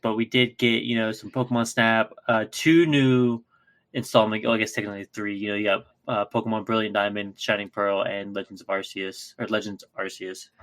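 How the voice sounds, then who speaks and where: A man co-hosting a podcast in casual chat, relaxed, stumbling over repeated words when excited. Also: on the low side. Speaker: podcast co-host.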